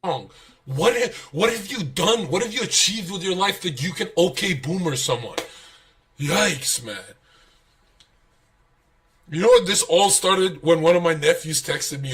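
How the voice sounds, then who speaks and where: A man's voice: high voice, moderate pace. A young man telling stories on a livestream, swearing, laughing and acting out what people said. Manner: profane, animated storytelling, laughs, acts out quotes. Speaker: streamer guest. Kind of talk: casual livestream chat.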